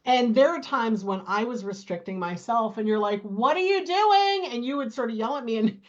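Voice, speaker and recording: A middle-aged woman talking casually as a guest in an interview, animated and chatty, often acting out her own thoughts. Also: fairly high pitch, brisk, lo-fi sound. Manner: animated storyteller, quotes her own thoughts, laughs easily. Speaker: program client, guest.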